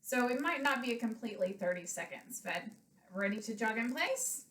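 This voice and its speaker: High-voiced woman coaching kids, winded. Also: expressive, moderate pace, a bit bright, slight background noise. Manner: counts reps aloud, explains simply to children. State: a little out of breath. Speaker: elementary school PE coach. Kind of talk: home workout lesson for kids. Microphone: webcam from across the room. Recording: roomy webcam sound from a distance.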